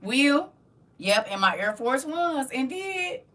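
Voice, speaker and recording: A middle-aged woman laughs frequently and playfully teases viewers as she reads chat on a casual home livestream. She speaks slowly in a high, fairly bright voice with big pitch swings, some distance from the mic.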